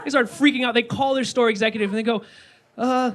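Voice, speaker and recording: A young man performing stand-up comedy at a small live venue, animated, incredulous and wry. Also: extremely high pitch, rapid-fire. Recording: noisy live room recording.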